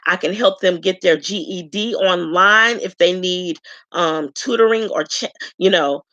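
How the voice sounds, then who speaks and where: A woman from Chicago giving a frank, chatty self-introduction to her viewers, pausing often with ums. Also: on the low side, a bit bright, no room sound, lo-fi sound. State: tearful at times. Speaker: vlogger introducing herself. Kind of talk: casual self-introduction to camera.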